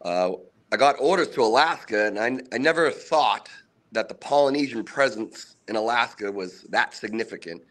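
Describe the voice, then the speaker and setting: A man's voice: medium pitch, animated, a bit bright. Humble man with a mixed Boston accent. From Massachusetts, south of Boston. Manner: humble, halting, many fillers and restarts. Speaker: assistant rugby coach, guest. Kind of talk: casual interview.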